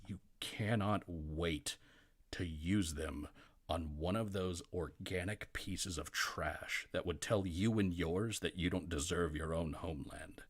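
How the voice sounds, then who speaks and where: Deep-voiced man narrating as game master. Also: a bit bright. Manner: vivid, second-person descriptive narration with restarts.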